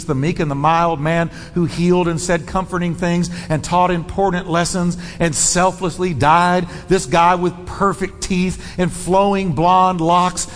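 A man's voice: sits high, fairly bright tone. A man, preaching a bold, emphatic sermon as pastor and shifting his pace between lines. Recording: long reverb of a large hall.

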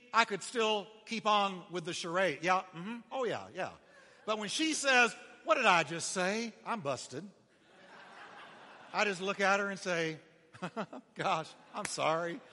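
A male pastor preaching a sermon, emphatic, his voice climbing to shouts at the high points. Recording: long hall reverb.

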